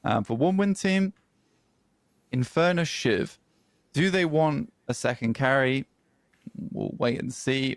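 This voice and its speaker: Gravelly-voiced male esports caster. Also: medium pitch, no echo. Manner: measured, analytical, frequent ums. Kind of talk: esports draft analysis commentary.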